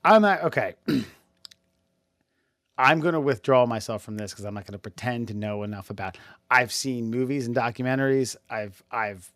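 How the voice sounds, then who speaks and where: A man's voice: medium pitch, normal speed, fairly bright tone, no room sound. A man co-hosting a podcast with dry, wry, profane asides in casual banter. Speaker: podcast co-host.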